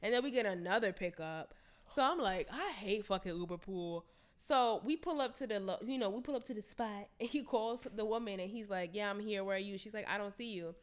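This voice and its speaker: A young woman telling a story in casual chat, slangy and animated, acting out the quotes. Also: mid-range voice, brisk.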